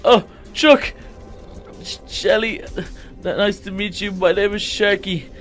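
A man's voice: sits high, steady tone, slow, fairly bright tone. A man voicing an anxious, talkative young male shark hero in a Minecraft role-play, stammering and rambling when scared. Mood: flustered rambling.

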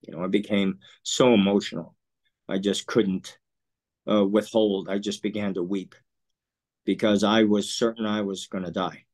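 A man in his sixties telling a personal story in an interview, earnest and emotional, often clearing his throat. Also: fairly low pitch, steady tone, darkish tone. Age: 60s. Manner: earnest, emotional, halting with restarts. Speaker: interview guest.

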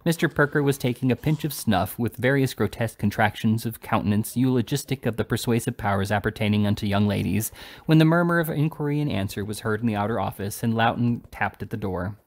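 A man with a lowish voice reads a classic novel aloud. His narration is steady and even, with a calm, measured delivery. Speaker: audiobook reader.

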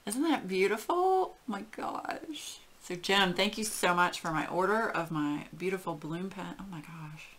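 A woman hosting a casual craft unboxing, gushing and getting emotional with breathy exclamations. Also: on the low side, lively intonation, moderate pace, fairly bright tone. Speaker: craft channel host.

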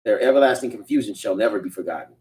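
A man reading scripture aloud in a brisk, steady way during a Bible study, heard from across the room. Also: on the low side. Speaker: scripture reader. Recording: distant from the mic.

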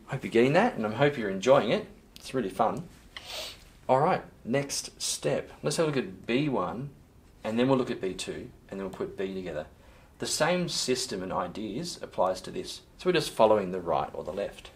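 Drums play as a male music teacher, his pitch fairly low and his speed normal, runs a recorded percussion lesson. He counts in, calls out sticking patterns loudly, and then explains technique with calm patience.

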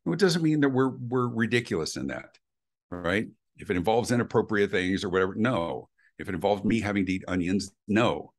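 Husky deep-voiced man, animated and emphatic. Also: brisk. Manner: intense, emphatic. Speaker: guest, customer experience speaker. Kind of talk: animated interview answers.

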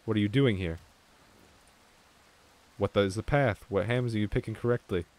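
A young man streaming an online game with viewers, chatting casually, swearing freely and getting excited. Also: on the low side, normal speed. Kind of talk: casual gaming chat.

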